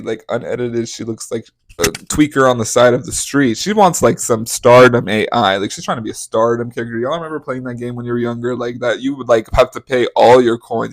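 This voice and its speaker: A man's voice: medium pitch, creaky, dry recording. A young man hosting a podcast, giving casual, profane celebrity gossip commentary with dramatic, exaggerated outbursts. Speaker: podcast host.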